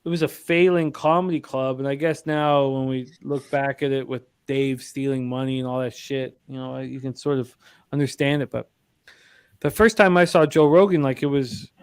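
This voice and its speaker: A man's voice: medium pitch, fairly even intonation, normal speed, smooth. A man hosting a live sports betting stream, telling a long rambling anecdote in casual chat with many fillers. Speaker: sports betting show host.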